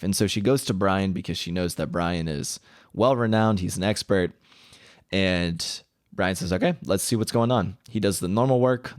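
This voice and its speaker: A man's voice: deep voice, no echo, studio quality. A man casually retelling a story from a book, rambling and correcting himself as he acts out quoted dialogue.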